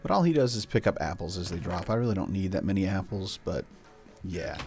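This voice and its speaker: An older man gives casual let's-play commentary in a low, darkish voice, brisk and lively in intonation. He rambles and chats while hosting the gameplay video, cooing at his pets, with faint background music.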